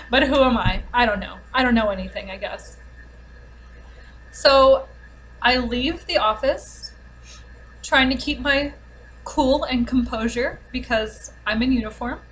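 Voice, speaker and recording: Exasperated woman ranting, slightly high. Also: a bit bright, low-quality recording. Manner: exasperated, sarcastic, fast-talking. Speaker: vlogger. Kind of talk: casual storytime rant. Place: home, with a dog nearby.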